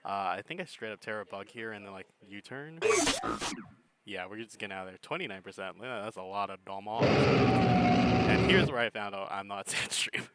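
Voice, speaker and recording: A man's voice: on the low side, normal speed, very noisy. A man giving laid-back, chuckling commentary on a game battle, thinking his plays through aloud. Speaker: gaming commentator.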